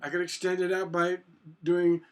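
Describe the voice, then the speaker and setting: In a high-pitched, completely flat delivery, a man teaches songwriting on guitar, speaking slowly and haltingly with many restarts and rhetorical questions. Short sung "na na" phrases demonstrate the chords, with loud acoustic guitar underneath.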